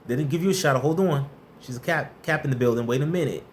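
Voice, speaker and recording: A man hosting a live stream, chatting casually, giving viewers shout-outs and blunt, tough-love workplace advice. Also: mid-range voice, quick pace, slight background noise.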